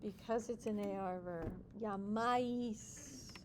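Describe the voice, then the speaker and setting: Woman Spanish teacher, high and unhurried, encouraging, playful with her students. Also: a little mellow, a little hiss or hum. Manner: explains step by step with repeated check-in questions. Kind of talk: classroom teaching. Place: classroom with students.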